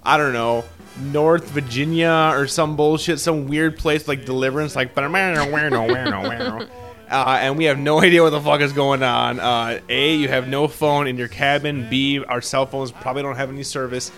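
A man's voice: medium pitch, normal speed, a bit bright, faint music behind. A man co-hosting a casual couple podcast, talking in a profane, rambling, joking way. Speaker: podcast co-host.

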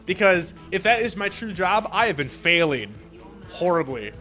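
A man co-hosting a podcast, joking crudely and teasing his co-host in animated, vulgar banter. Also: high-pitched, moderate pace, faint music behind.

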